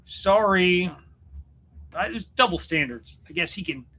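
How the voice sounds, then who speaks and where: A man's voice: fairly high pitch, expressive, brisk, pushed and bright, slightly rough. A man hosting a casual livestream for his channel, chatting in a rambling, jokey way and often stopping to restart his sentences. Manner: rambling, self-interrupting, joking. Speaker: YouTube channel host and musician. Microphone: computer setup at home.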